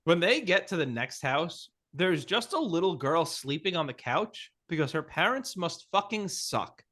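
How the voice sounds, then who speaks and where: A man's voice: fairly high pitch, lively intonation, unhurried, pushed and bright. A man co-hosting a podcast in casual chat, making snarky, profane jokes. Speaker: podcast co-host.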